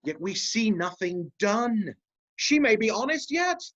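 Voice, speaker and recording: A sly, scheming male officer, read by an actor in an amateur Shakespeare reading. The delivery is measured and insinuating, at a middling pitch. The sound is muffled and lo-fi. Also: sing-song, a bit bright.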